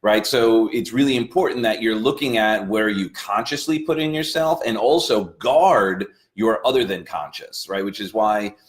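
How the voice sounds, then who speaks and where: A man co-hosting a casual motivational talk, speaking in a measured, reflective way. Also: lowish voice. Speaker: co-host.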